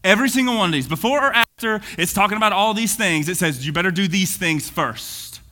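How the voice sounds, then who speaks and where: A man preaching an energetic sermon, swinging from booming to hushed. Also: a little fast. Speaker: pastor. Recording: long reverb of a church hall.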